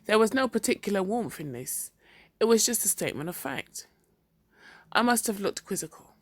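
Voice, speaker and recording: A reader narrating a first-person story with measured, even delivery. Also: medium pitch, no echo. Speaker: audiobook reader.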